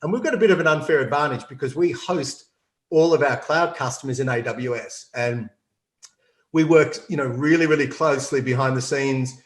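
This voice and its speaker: With a medium-pitched voice at normal speed and a roomy sound, an Australian CEO appears as a guest in a business interview. He explains things confidently and laughs frequently.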